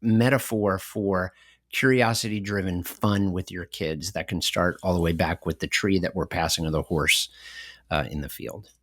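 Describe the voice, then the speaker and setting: A middle-aged man co-hosting a podcast, telling stories in an animated way and laughing often. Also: low-pitched, moderate pace. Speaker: podcast co-host. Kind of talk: conversational podcast discussion.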